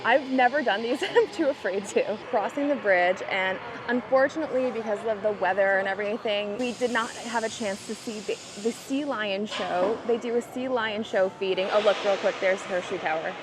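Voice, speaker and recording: A woman vlogging casually as she walks through a theme park and zoo, chatty and excitable, often gasping and exclaiming. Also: medium pitch, moderate pace, hardly any pauses. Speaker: travel vlogger. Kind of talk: casual vlog walk-through. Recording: outdoor ambient noise.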